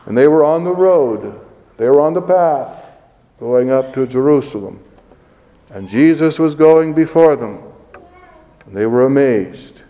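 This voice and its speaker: Slow, deliberate male preacher in a reverberant church. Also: mid-range voice, expressive, dark tone, dull audio. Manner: slow, deliberate preaching with emphatic scripture reading. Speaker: priest. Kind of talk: sermon.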